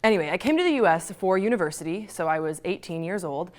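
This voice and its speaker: Young woman, American accent, rapid self-mocking storyteller on a student talk show. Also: fairly low pitch, expressive. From Belgium. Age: young adult. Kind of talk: comic personal story to camera.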